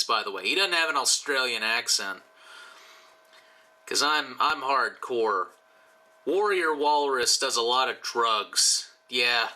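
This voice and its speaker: A man's voice: mid-range voice, animated, slow, bright, forceful tone, low-quality recording. A tipsy man rambling and joking with profane asides while he draws for his channel. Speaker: YouTuber drawing commissioned art. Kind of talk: casual rambling commentary while drawing.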